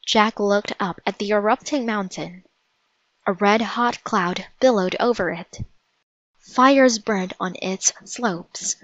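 Slow, measured woman reading a storybook. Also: mid-range voice, no room sound, dull audio. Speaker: narrator. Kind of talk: storybook narration.

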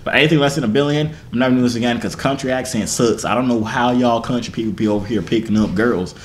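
A man's voice: mid-range voice, quick pace, a little hiss or hum. A young man in his twenties closing his vlog with a rambling, self-mocking sign-off. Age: 20s. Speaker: YouTuber. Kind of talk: vlog outro.

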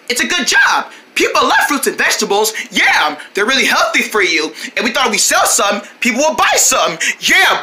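Brief: bright, lively young-sounding voice switching between bickering cartoon kids. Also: medium pitch. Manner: squabbling, playground taunts and pleading.

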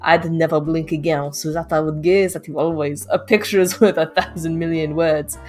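A woman voicing a flowery, pompous male rat artist in a shaky put-on French accent, slightly low. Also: fairly even intonation, moderate pace, faint music behind. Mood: grandly romantic.

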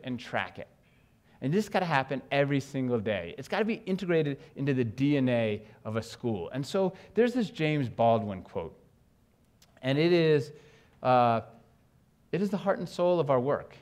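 A man from New York giving an animated conference talk on stage, joking with the audience and asking it questions. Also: fairly high pitch, moderate pace. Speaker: education speaker.

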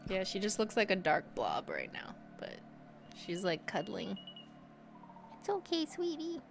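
Animated, lively streamer woman over music. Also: fairly low pitch, normal speed, vocal fry. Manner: animated, shrieks when startled, soothing baby talk to her cat. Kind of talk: live gameplay streaming.

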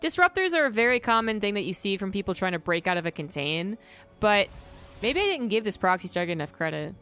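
A woman's voice: mid-range voice, very animated, quick pace, a bit bright, clean tone. An American woman giving casual live game commentary as a caster, rambling and correcting herself as she goes. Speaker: esports caster. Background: music.

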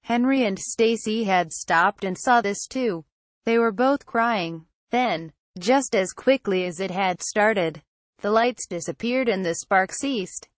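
A woman tells a scary story in the first person, keeping an even, steady reading pace. Her voice sits in a middle pitch. The recording is dry and close to the mic. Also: slow, no room sound. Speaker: narrator. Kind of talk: scripted horror story narration.

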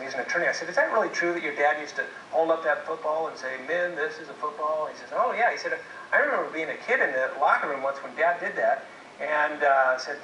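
A man's voice: fairly high pitch, bright, forceful tone, a little hiss or hum. A man presenting a seminar talk to an audience, telling stories with jokes and questions for the crowd. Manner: jokey storytelling, addresses audience. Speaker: marriage seminar speaker. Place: classroom, video played on a TV. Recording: echoey video playback from far off.

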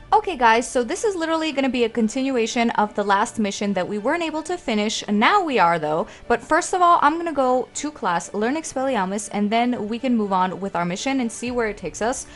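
A woman's voice: medium pitch, a bit bright. A woman in her twenties hosting a let's play, chatting casually with viewers in a dramatic, exclaiming way. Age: 20s. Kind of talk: casual gaming commentary.

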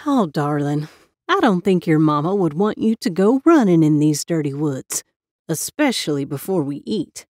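A woman's voice: deep voice, very animated, moderate pace, darkish tone, no echo, studio quality. A woman voicing a genteel, fussy Southern mother who sweetly refuses the children, while reading a story. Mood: gently refusing. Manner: sugary, indulgent but refusing.

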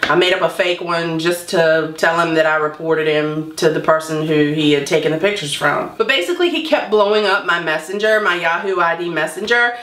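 A woman's voice: fairly low pitch, a little fast, hardly any pauses, a bit bright, echoey room. A woman vlogger telling a personal story to camera in a candid, chatty and wry way.

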